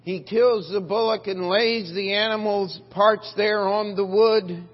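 A male pastor preaching a sermon, retelling a Bible story in a folksy, animated way and acting out the voices. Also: sits high, a little slow. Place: church sanctuary. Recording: dull lo-fi church recording with long reverb.

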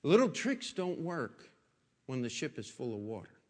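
A man's voice: mid-range voice, sing-song, normal speed. A man pastor preaching a sermon in a folksy storytelling way, asking rhetorical questions, in a church. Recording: long echoing hall reverb.

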